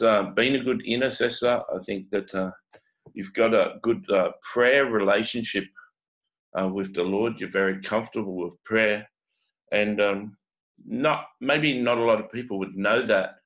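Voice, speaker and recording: A man with a New Zealand accent giving a halting, unscripted prophetic reading, full of pauses and fillers. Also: mid-range voice, rough recording. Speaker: prophetic teacher.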